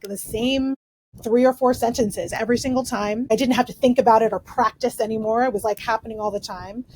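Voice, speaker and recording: A woman's voice: a little high, a little mellow, slight background noise, rough recording. A woman who is a clinical psychologist, explaining in a casual, chatty way with frequent fillers and "right?" tags.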